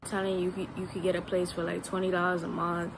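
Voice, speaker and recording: A woman's voice: on the low side, completely flat delivery, fast talker, vocal fry. Frank woman vlogging over traffic noise. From United States. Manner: frank, fills with "like". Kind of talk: casual vlog. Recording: street noise with passing traffic.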